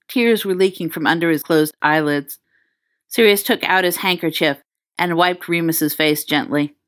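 A woman narrates fan fiction aloud, raising her pitch to act out the dialogue. Her tone is fairly bright, and the recording is dry with studio quality.

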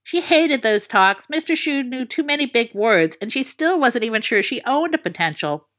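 A woman narrating a story in a playful, expressive reading. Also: on the high side, moderate pace.

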